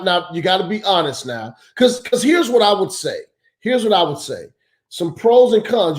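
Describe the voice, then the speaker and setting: A man hosting a casual morning show, asking questions in an earnest way. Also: high voice. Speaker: host. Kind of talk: casual chat.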